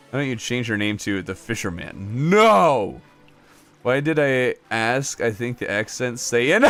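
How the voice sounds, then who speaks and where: Laughing, lively male game streamer. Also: medium pitch. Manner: animated, laughs often, jokey. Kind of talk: casual live-stream chat, reading chat aloud.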